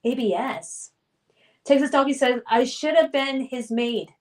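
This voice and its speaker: A woman hosts a casual livestream, reading her viewers' chat messages aloud and answering them. Her voice sits a little high, and she talks in a loose, friendly way. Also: a little slow, a little mellow. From United States. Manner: chatty, reads chat names then responds. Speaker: streamer hosting a trivia game.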